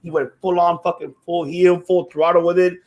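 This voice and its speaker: An excitable man with a fairly high voice chats casually as a show host. He swears a lot and rambles, restarting his sentences often. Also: a little fast. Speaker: podcast host. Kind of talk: casual chat about wrestling.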